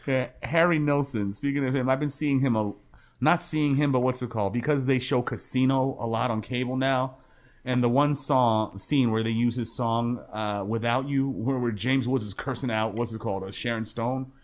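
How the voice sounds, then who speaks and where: An animated man co-hosting a laid-back podcast about movie soundtracks. His voice sits in a mid range. Now and then he launches into loud, high-pitched impressions of famous film lines. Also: normal speed. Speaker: podcast co-host. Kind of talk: casual film soundtrack chat.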